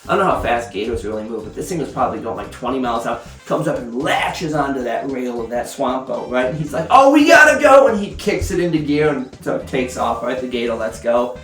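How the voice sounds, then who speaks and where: A man's voice: mid-range voice, fairly quick, few pauses, faint music behind. Rambling man reviewing whiskey. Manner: rambling storyteller, lots of fillers. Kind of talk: casual review monologue. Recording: roomy, mic at a distance.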